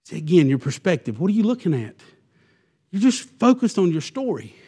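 A man preaching a sermon, animated and acting out the Israelites' complaints in quoted voices. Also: high voice, a little fast, breathy edge. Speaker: pastor.

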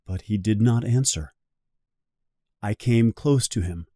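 A man reading a storybook aloud slowly and clearly for English learners. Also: fairly low pitch, mellow, dry recording, studio quality. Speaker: reader of a guided English reading. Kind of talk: slow storybook narration for learners.

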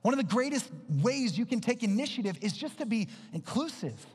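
Male pastor, high husky voice, emphatic repeater, long hall reverb. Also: sing-song, fairly quick, a little mellow. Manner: earnest, emphatic repetition, dropping to low intense tones. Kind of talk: sermon.

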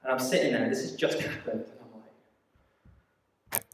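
A man preaching a sermon, telling a story in an animated way with quick asides and acted-out quoted voices. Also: medium pitch, slight background noise. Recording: echoey hall, mic at a distance.

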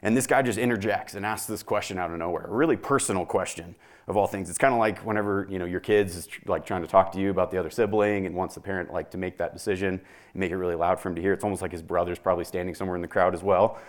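A man's voice: deep voice, fairly even intonation, very fast. A young man preaching in a conversational way, reading scripture aloud and explaining it to a congregation. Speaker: pastor. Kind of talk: sermon.

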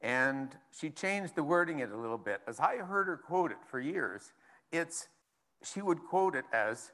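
A man's voice: fairly high pitch, big pitch swings, a little slow, sharp tone. A man preaching a sermon as pastor, casual and conversational, reading scripture aloud between asides.

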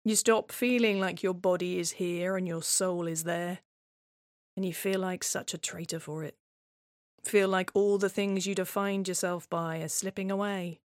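A woman's voice: lowish voice, fairly even intonation, moderate pace, no echo, clean studio sound. A woman performing a scripted first-person monologue in a wry, reflective, conversational way.

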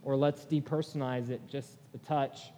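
A man preaching a sermon as pastor, earnest and deliberate, lifting his voice when he reads lament passages. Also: medium pitch, steady tone, warm tone. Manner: slow, earnest, pausing delivery, rising for quoted laments. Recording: long reverb of a large hall.

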